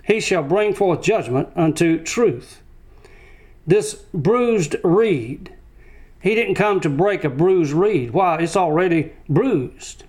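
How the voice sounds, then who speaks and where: A man's voice: high-pitched, animated, takes it slowly, a little mellow. A man preaching a sermon, driving his points home with short repeated phrases. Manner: emphatic repetition of short phrases.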